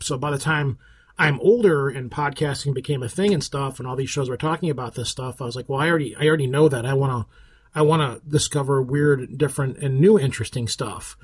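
A man's voice: mid-range voice, breathy edge. A man hosting a podcast in casual, rambling chat, often restarting his sentences. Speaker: podcast host.

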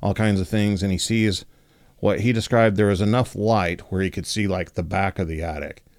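A man with a low voice tells a story in a loose, conversational way, full of filler words. The recording is dry and close, with no room echo. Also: moderate pace. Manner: relaxed, many fillers like 'like' and 'you know'. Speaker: podcast host. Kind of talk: casual storytelling.

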